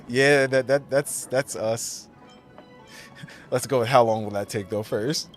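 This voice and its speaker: A man's voice: mid-range voice, animated, measured pace, soft background music. Man reading game dialogue aloud. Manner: reads game dialogue aloud, doing voices and laughing. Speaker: game streamer. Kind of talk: casual let's-play commentary.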